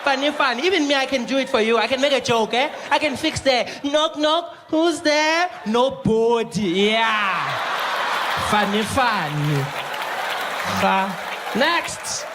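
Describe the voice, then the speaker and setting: A man's voice: very high-pitched, unhurried, over a noisy crowd, heavy background noise, voice pushed up. A man voicing a mocking, unfriendly female hospital clerk who keeps tagging her lines with "eh?" in a stand-up act. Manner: sneering, teasing, tags lines with "eh?". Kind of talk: stand-up comedy impression.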